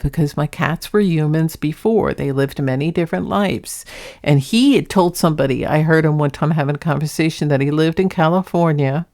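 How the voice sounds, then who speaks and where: An earnest woman talks through her vlog in a relaxed, chatty way, laughing softly now and then. Her voice sits a little on the low side. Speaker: paranormal vlogger. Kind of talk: casual narration introducing clips.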